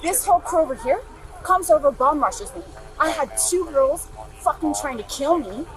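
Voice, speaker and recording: A woman's voice: sits high, lively intonation, normal speed, rough recording. A woman outdoors by a pool, arguing defensively with police and swearing, recorded on a body camera.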